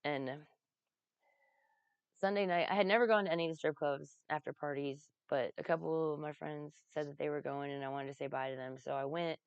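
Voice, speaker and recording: A woman's voice: low-pitched, fairly even intonation, brisk, smooth, no room sound, muffled recording. A woman telling casual, rambling stories, laughing often and swearing freely. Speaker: vlogger recounting a comedy festival. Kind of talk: casual storytelling.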